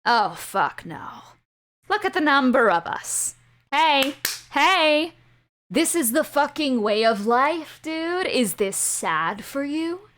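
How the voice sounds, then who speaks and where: A woman voicing a bitter ghost who sneers and mocks crudely, often jumping higher in pitch. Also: big pitch swings, takes it slowly, a bit bright, heavily acted. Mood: mocking. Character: bitter, mocking ghost of a murdered man.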